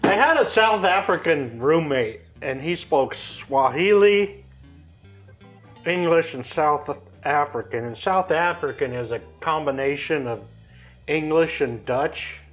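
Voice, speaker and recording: A man chats casually at home as co-host of a whiskey show. His voice bounces up and down with lively inflection. He jokes constantly and slides into silly accents. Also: fairly high pitch, slow, soft background music. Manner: joking, goofy, slips into silly accents. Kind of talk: casual chat.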